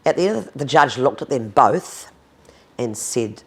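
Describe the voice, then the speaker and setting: A blunt woman in her fifties speaks with a New Zealand accent. Her voice has a gravelly edge and swings widely in pitch as she drives each point home. She swears freely and doesn't soften a thing. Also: lively intonation, normal speed. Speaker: interviewee, domestic violence advocate. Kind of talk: candid conversational interview.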